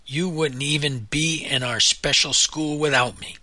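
A man's voice: on the high side, steady tone, measured pace, bright, forceful tone, dry recording, pitched above the performer's own voice. A man voicing an earnest, awkward young girl.

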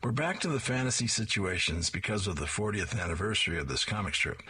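A man's voice: on the low side, animated, fast talker, bright, forceful tone, a little hiss or hum. A man describing and reading comic strips aloud in a plain, descriptive way.

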